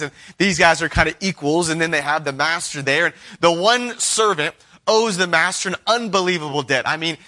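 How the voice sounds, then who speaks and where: A man's voice: on the high side, pushed and bright. A man preaching an earnest sermon, reading scripture aloud and acting out the voices of the people he quotes.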